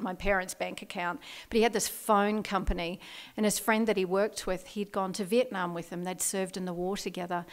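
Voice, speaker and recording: A woman's voice: medium pitch, steady tone, normal speed. A middle-aged Australian woman speaking candidly at a recovery meeting, telling her own story with self-deprecating laughs.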